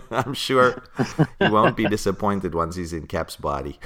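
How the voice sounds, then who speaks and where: Deep-voiced male podcast host, casual and chatty, laughs often. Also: lively intonation, measured pace, bright, forceful tone. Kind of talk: casual chat about comics.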